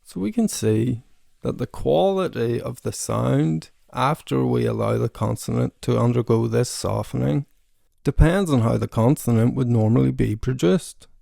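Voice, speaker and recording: A man's voice: mid-range voice, moderate pace, vocal fry, warm tone, no room sound, clean studio sound. A man who is a language learner, giving a casual pronunciation lesson and repeating sounds to demonstrate them.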